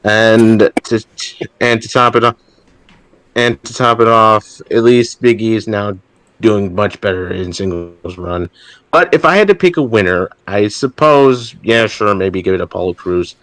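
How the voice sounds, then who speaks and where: A man's voice: lowish voice, measured pace, a bit bright, no room sound, rough recording. A man hosting a podcast, talking casually and hesitantly with plenty of fillers. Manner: laid-back, hesitant, many fillers. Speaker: podcast host. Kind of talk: casual chat.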